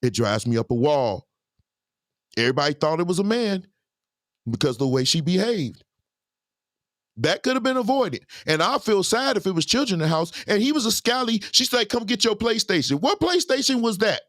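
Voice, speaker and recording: A man's voice: high-pitched, moderate pace, dry recording, studio quality. A man hosting a reaction commentary, giving preachy advice and speaking straight to his listeners. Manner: animated, preachy, addressing listeners directly. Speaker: commentary host.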